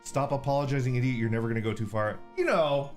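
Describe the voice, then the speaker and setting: A man's voice: medium pitch, quick pace, a little mellow, faint music behind. A man streaming under an orc persona, casually chatting with viewers, reading super chats, laid-back and profane, laughing often.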